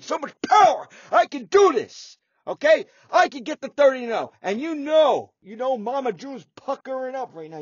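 A man's voice: very high voice, no room sound, lo-fi sound. An older man giving boastful, profane trash-talk commentary over his own online shooter match, cackling as he goes. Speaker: gamer. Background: music and gunfire.

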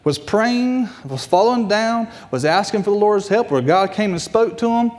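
A man preaching a sermon as a guest preacher, repeating phrases and swinging his pitch. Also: lively intonation, moderate pace, a little mellow. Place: church sanctuary. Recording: church hall reverb.

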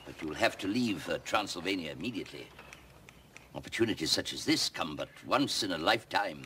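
An actor playing a brisk, commanding older employer in a film scene. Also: male voice, deep voice, animated, bright, forceful tone, slight background noise. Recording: film clip with faint ambience.

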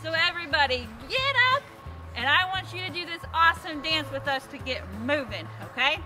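A woman's voice: sits high, fast, loud music behind the voice. A woman leading a children's church lesson, bubbly and upbeat, calling out to kids to join in. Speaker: children's ministry leader. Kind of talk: kids' church lesson and action song.

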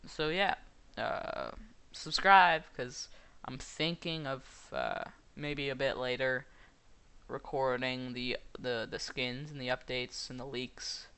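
A man's voice: mid-range voice, lively intonation, takes it slowly, creaky, bright, forceful tone, clean tone. A young man casually commenting on a game, rambling and hesitant, full of fillers. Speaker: gaming YouTuber.

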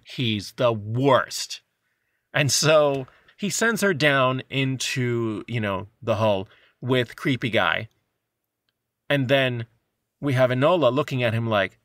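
A man co-hosts a movie review podcast with a bright, forward voice. He talks in an animated, sarcastic way and keeps slipping into mocking voices for the characters. The sound is dry and close. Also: medium pitch, moderate pace, no echo. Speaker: podcast co-host. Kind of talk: casual movie review chat.

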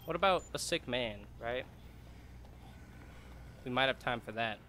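A man's voice: medium pitch, expressive, unhurried, sharp tone, slight background noise. A man giving casual, joking let's-play commentary, chatty and laughing often. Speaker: gamer streamer.

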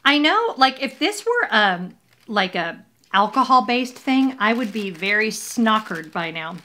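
A woman's voice: on the high side, very animated, unhurried, bright, forceful tone. A woman hosting a casual unboxing video, talking in a cheerful, rambling way and joking about herself. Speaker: vlogger host.

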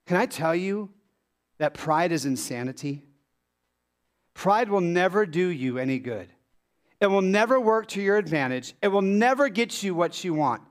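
A male pastor preaching a sermon in an animated way, with rhetorical questions and sudden drops into low, quiet emphasis. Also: moderate pace.

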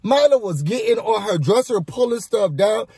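A man's voice: sits high, animated, normal speed, dark tone, slightly rough, no room sound, studio quality. A man hosting a casual, gossipy recap of a reality show, sassy and chatty as he talks straight to his viewers.

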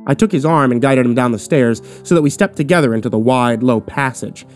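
A man narrating a horror story in the first person with steady, dramatic delivery. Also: mid-range voice, fairly quick, soft background music. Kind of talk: scripted narration.

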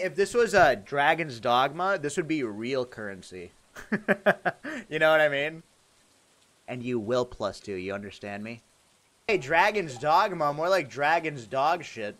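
Animated sarcastic male game streamer. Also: on the high side. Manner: playful and sarcastic, reads and answers chat comments. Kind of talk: live-stream chat while gaming.

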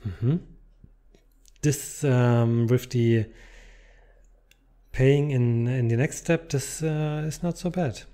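Guy opening card packs, slow and mellow, reads the cards out loud and mutters to himself. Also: mid-range voice. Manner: reads card text aloud, muttering asides. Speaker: card unboxing YouTuber. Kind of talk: casual unboxing commentary.

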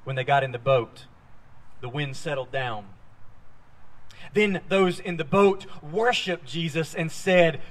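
A man preaching a sermon as a pastor, telling a Bible story with lively, acted-out quoted lines. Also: on the high side, slow, pauses often. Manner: animated storytelling, acting out quoted voices. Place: church sanctuary.

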